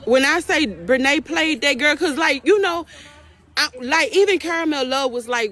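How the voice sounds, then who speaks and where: A woman's voice: high-pitched, normal speed, poor audio. Emphatic woman recapping, full of repeats. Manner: animated, emphatic, repeats phrases, addresses viewers as y'all. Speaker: trial recap vlogger. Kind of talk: casual emotional recap.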